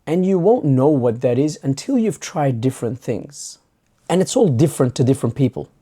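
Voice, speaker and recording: Dark-voiced man giving a reflective monologue. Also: a little high, breathy edge. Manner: acts out imagined dialogue in a conversational way. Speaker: channel host.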